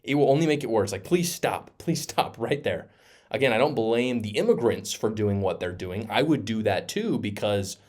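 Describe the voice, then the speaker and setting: A man's voice: on the low side, a little mellow. A man giving emphatic, sarcastic opinion commentary as host of his own show. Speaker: political commentator.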